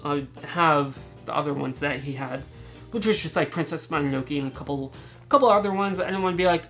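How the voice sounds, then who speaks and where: A woman with a fairly low voice hosts a casual haul vlog, showing off her thrift finds. She talks in a chatty, rambling way, laughs often and restarts her words. Faint music plays behind her. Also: a little fast, a bit bright.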